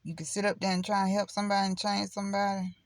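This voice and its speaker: A woman's voice: mid-range voice, monotone, racing, no room sound. A middle-aged woman chatting casually on her channel in a blunt, preachy, rambling way. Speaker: spiritual vlogger. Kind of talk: casual direct-to-camera chat.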